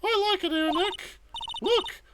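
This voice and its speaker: A woman's voice: extremely high pitch, slow pace, background noise. Woman doing a chirpy bubbly young sidekick. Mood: excited. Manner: excitable, chirpy. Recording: game music playing behind.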